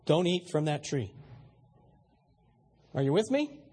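A man's voice: fairly high pitch, big pitch swings, slow, a little mellow, husky. A male pastor preaching a sermon, emphatic and questioning his audience, with frequent repeated words.

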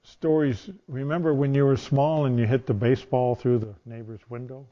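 A man's voice: mid-range voice, steady tone, normal speed. A male preacher giving a sermon in a conversational storytelling manner. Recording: dull lo-fi sound.

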